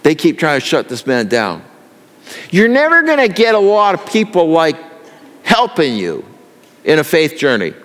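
A man's voice: on the high side, huge pitch swings, normal speed, a bit bright, in a large hall. A male pastor delivering an earnest sermon that builds in intensity.

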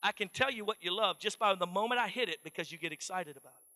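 A pastor from Texas, preaching an animated, folksy sermon in a church. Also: male voice, high voice, quick pace, big-room sound. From Dallas, Texas.

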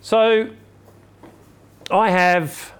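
Older male speaking coach, somewhat high voice, chatty storyteller addressing a crowd. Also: fairly even intonation, very slow, fairly bright tone, a little hiss or hum. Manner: chatty, storytelling, asks the audience questions. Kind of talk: motivational talk to a live audience.

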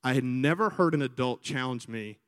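A man from Alabama with a Southern American accent, a priest preaching a sermon and telling stories with lively crowd imitations. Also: medium pitch, moderate pace, long reverb tail. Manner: animated storyteller, imitates crowds. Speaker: priest, vocation director. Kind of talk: sermon with storytelling.

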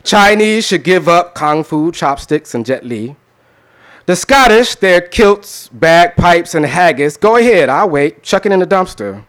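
A man's voice: high voice, lively intonation, unhurried, a bit bright. Man performing spoken word poetry. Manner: conversational with laughter, then rhythmic performed delivery. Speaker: poet.

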